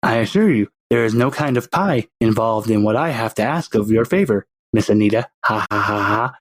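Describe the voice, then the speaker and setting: A man voicing a well-spoken male baby who talks formally and chuckles ha-ha-ha in a low voice. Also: expressive, no echo. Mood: courtly, scheming. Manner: formal, polite, laughs ha-ha-ha slowly.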